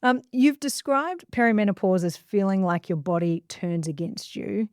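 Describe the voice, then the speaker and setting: A woman's voice: mid-range voice, animated, moderate pace, dry recording, studio quality. A woman in her forties hosting a podcast, asking questions in an upbeat, enthusiastic way. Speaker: podcast host. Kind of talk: podcast interview.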